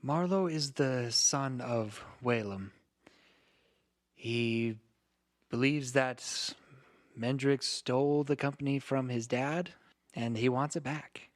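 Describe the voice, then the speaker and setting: A man acting as dungeon master, explaining the story in a calm, measured way. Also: medium pitch. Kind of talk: tabletop game narration.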